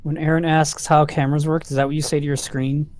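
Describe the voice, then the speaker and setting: A man's voice: a little high, little pitch movement, fast talker, a little mellow. A man teasing his co-streamer with dry banter while playing a game. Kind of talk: casual gaming stream chat.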